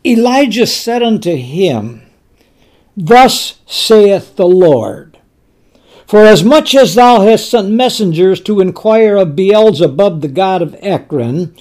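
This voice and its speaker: A man's voice: high-pitched, lively intonation, slow pace, darkish tone. A man preaching a sermon, retelling scripture with frequent restarts and repeated words, and voicing the king with rising anger.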